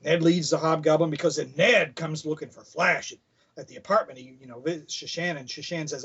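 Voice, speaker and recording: Rambling male podcast host, slightly high voice, dull lo-fi sound; casual comic recap. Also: steady tone, a little fast, a bit bright, breathy edge. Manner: rambling, many fillers.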